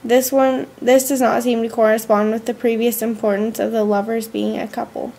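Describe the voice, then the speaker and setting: Student girl reading her journal out loud, kinda high voice, careful and slow. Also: little pitch movement, gravelly. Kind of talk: reading a school journal aloud.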